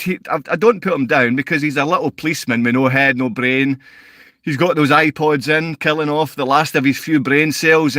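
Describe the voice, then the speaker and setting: A man's voice: fairly high pitch, no room sound. A man hosting a live stream, answering chat comments in a combative, insulting rant. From Scotland. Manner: combative, insulting, rising to shouted outbursts. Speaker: livestream host and father.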